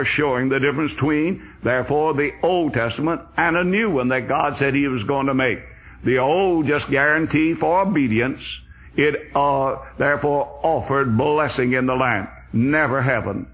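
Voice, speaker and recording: Male preacher, husky voice, dull lo-fi old tape sound. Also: mid-range voice, a bit bright. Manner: earnest expository preaching. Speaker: Bible teacher. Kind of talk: sermon. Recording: dull lo-fi recording.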